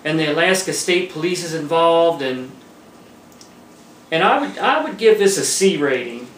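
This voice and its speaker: A man hosting a casual home movie review, chatting in a relaxed way and laughing between points. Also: a little high, moderate pace. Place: room at home by a table. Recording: roomy echo, mic far off, faint hiss.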